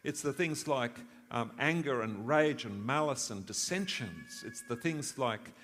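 A man's voice: medium pitch, animated, measured pace, fairly bright tone, long reverb tail. A man preaching a sermon in an earnest way, asking rhetorical questions and swelling for emphasis.

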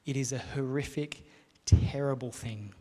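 A man delivers a sermon in an earnest, measured voice, putting rhetorical questions to his listeners and letting his lines settle. His voice sits in an everyday middle register. It rings out with the long reverb of a large hall. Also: mid-range voice, warm tone. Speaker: preacher. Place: hall with a live audience.

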